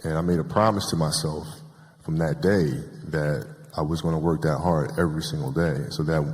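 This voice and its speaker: A man's voice: extremely low pitch, fairly even intonation, normal speed, a little mellow, in a large hall. A retired athlete, a man, reflecting thoughtfully in an interview with some hesitations. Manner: thoughtful, with fillers.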